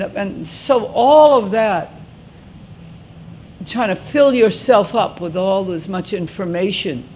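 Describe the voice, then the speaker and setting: A woman in her seventies speaking to high school students as a guest, talking informally and rambling with frequent restarts. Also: darkish tone, slight background noise. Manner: rambling, restarts mid-thought. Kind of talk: informal talk and Q&A.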